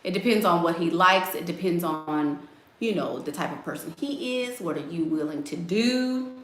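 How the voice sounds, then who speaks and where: A woman's voice: lowish voice, lively intonation, moderate pace, roomy sound, a little hiss or hum. A woman giving blunt, sassy dating advice while answering viewers in a casual live stream. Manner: blunt, sassy, emphatic, addresses viewers as y'all.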